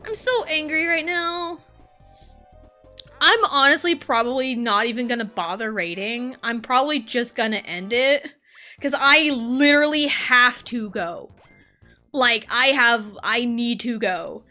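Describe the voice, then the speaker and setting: Young woman streamer, bright high voice, swears a lot, yells then mutters, game music behind. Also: expressive, a little slow. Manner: swears freely, swings from frustrated yelling to low muttering. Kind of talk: casual live game stream chat.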